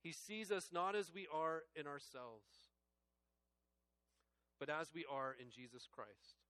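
A man preaching a sermon in an earnest, personal way, addressing the congregation as friends. His voice sits a little high for a man, and the recording is dry and close. He drops to quiet, slow reflection, then rises into emphatic preaching. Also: animated, dry recording. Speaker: pastor.

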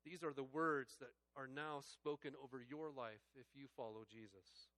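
A male pastor preaching a sermon, earnest and personal, moving between hushed reflective passages and raised, emphatic preaching. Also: medium pitch, moderate pace, no echo. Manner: earnest and personal, addressing listeners as friends.

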